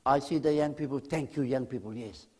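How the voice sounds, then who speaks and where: A man preaching a sermon as a guest pastor, speaking straight to the congregation with questions and swinging between loud emphasis and near-whispered lines. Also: mid-range voice, fairly quick, breathy edge. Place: church.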